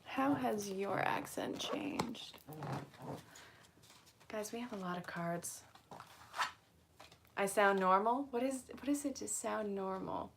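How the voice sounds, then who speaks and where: A woman's voice: medium pitch, creaky, noisy background. A woman from Vermont with an accent blending Vermont and New York, hosting a casual angel card reading and chatting with her viewers as she goes. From Vermont, USA. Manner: chatty, rambling, talks to viewers between cards. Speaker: angel card reader, host.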